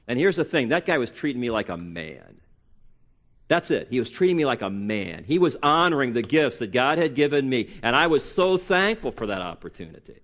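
A man's voice: sing-song, a little fast, a bit bright. A man in his late forties preaching a sermon as pastor, emphatic, with sarcastic mimicked excuses and rising force on key points. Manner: emphatic, rises in pitch and volume for punchy lines.

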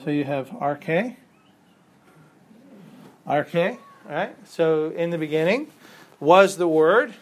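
A man with a fairly high voice leads a classroom lecture on scripture. He explains patiently, goes back over key points, and tosses questions to the class. Now and then he chuckles at his own examples. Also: expressive, slow pace, long pauses. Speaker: Bible class teacher.

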